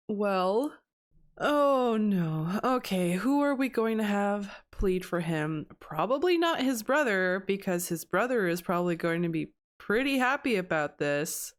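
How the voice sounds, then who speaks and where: A woman giving casual, chatty commentary over her own gameplay, reacting aloud as she goes. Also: medium pitch.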